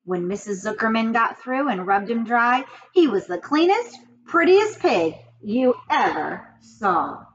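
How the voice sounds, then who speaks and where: A woman reading a children's book aloud with expressive narration. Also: on the high side, unhurried, few pauses. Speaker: reader. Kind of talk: read-aloud storybook narration. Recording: dull recording with faint hiss.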